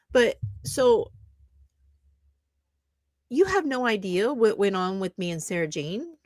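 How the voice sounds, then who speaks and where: A woman's voice: medium pitch, dry recording, studio quality. A woman YouTuber ranting back at online commenters, sarcastic and indignant, mocking them at length.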